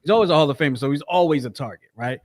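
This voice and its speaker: A man's voice: a little high, racing, darkish tone. A man co-hosting a sports podcast, chatting casually, rambling with many restarts and fillers. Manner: rambling, repeats himself, frequent fillers. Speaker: podcast co-host.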